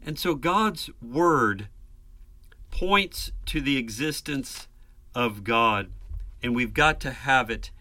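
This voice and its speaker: A man's voice: medium pitch, expressive, takes it slowly, pushed and bright, no room sound. A man preaching a sermon, earnest and emphatic, building lists and rhetorical questions.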